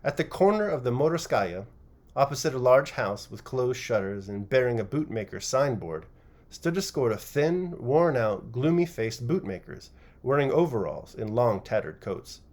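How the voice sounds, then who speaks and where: Here an audiobook reader works through a classic novel one chapter at a time, his mid-range voice delivering an expressive, varied performance.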